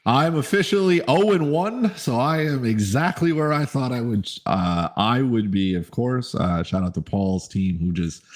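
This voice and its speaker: Low-voiced male podcast co-host, wry, self-mocking chat. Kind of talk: casual sports podcast chat.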